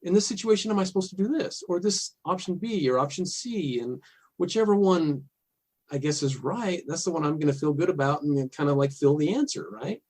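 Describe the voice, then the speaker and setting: A middle-aged man, a podcast guest, telling a candid personal story in a halting, earnest way with soft laughs. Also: on the high side, husky.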